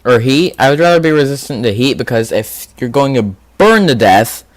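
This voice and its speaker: A man's voice: medium pitch, animated, normal speed, no room sound. Man rambling through a quiz game. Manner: rambling, thinking aloud with fillers. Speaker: gaming video host. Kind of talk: casual commentary on a quiz game.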